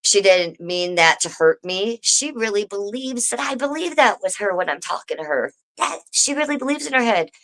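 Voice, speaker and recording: A woman's voice: medium pitch, moderate pace, few pauses. Woman venting on her live stream, cussing a lot, talks right at the chat. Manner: swearing, animated, talks to viewers directly. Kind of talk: casual live stream rant.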